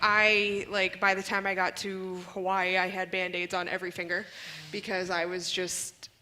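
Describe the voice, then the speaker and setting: Bright-voiced young woman, earnest and halting. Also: fairly low pitch, flat delivery. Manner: earnest, halting, many fillers. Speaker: guest sharing testimony. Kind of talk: casual church talk show chat.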